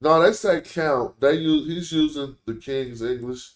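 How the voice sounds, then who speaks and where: A man's voice: fairly high pitch, measured pace. A man hosting a casual live-stream lesson, explaining points conversationally and thinking aloud. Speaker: language teacher, stream host. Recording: roomy echo.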